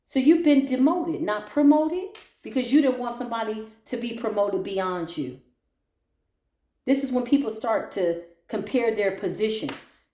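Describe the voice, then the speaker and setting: Woman, tarot reader, blunt, profane, mocking, fairly high voice, roomy echo. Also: animated, unhurried, dark tone. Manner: bursts into laughter. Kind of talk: intuitive tarot reading.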